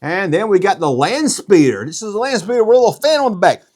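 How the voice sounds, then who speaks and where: Casual vlog host, middle-aged man, slightly high voice, lively jokey rambling delivery. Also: fast, slight background noise. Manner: rambling, joking, animated. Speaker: YouTube collectibles host. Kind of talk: casual show-and-tell vlog.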